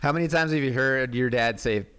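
Podcast guest: easygoing American man, smooth clean voice, laughs easily. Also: medium pitch, a little fast, a bit bright. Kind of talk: casual chat.

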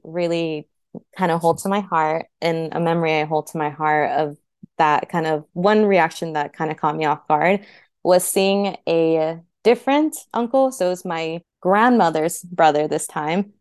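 Smooth low-pitched young woman, dry sound. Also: darkish tone, no room sound. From United States. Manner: chatty, heavy use of "like", heartfelt. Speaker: interview guest. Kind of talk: casual personal storytelling.

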